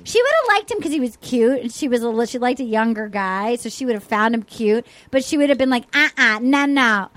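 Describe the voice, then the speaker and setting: A woman's voice: fairly high pitch, lively intonation, quick pace, few pauses, no echo. A woman hosting a comedy podcast, recapping a dating show in a dramatic way, acting out quotes and laughing often. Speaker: podcast host. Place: studio with guests in person.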